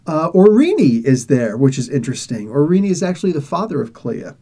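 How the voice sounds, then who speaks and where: A man's voice: fairly high pitch, very animated, fairly quick, few pauses, dark tone. A man reviewing comics, casually retelling a story with laughs and acted-out quoted lines.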